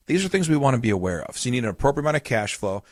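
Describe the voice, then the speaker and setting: A man's voice: mid-range voice, very animated, racing, no echo, clean studio sound. A man hosting a podcast as a retirement coach, explaining in a casual, storytelling way with everyday examples.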